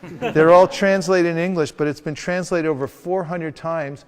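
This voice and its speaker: A man's voice: a little high, steady tone, moderate pace, smooth. A man leading a hands-on training session for a group, playfully acting out street encounters as he teaches. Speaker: sales trainer. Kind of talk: hands-on training talk with demonstrations. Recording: long reverb of a hall.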